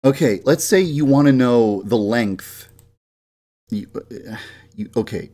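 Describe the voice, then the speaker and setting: A young game developer with a warm, lowish voice streams from his computer, speaking a little slowly. He chats casually before shifting into a formal, lecturing delivery, occasionally grumbling in frustration.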